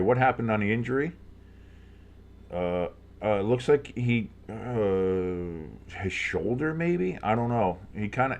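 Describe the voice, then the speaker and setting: A man calling football play-by-play with casual reactions, rambling through many fillers and rising sharply on big plays. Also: lowish voice. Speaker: sports fan commentator.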